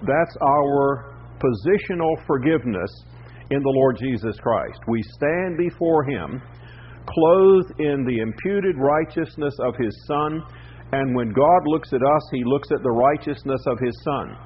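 A man preaching a teaching sermon, speaking in a measured way with frequent "uh" pauses. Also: mid-range voice, expressive. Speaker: pastor. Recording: slightly dull recording with faint background noise.

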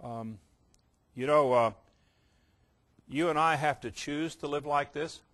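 A man preaching a sermon, emphatic, slowing down to stress key words and mimicking casual believers in quick asides. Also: fairly high pitch, a bit bright.

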